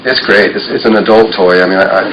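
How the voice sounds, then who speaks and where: A man's voice: sits low, little pitch movement, fast talker, dull audio, crowd noise. A man giving a rambling lecture at a workshop, explaining drawings as he goes. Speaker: workshop speaker. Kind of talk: lecture talk.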